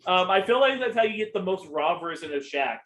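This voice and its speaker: Young male podcast co-host, slightly high, rambling, profane, filler-heavy. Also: lively intonation, a little fast, a bit bright, low-quality recording. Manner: rambling, profane, with many ums. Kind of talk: casual chat.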